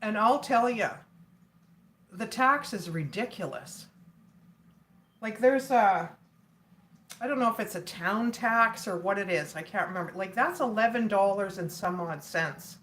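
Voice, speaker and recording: A woman's voice: medium pitch, lively intonation, unhurried, pauses often, a bit bright. A woman hosting a casual livestream, chatting with viewers and laughing often.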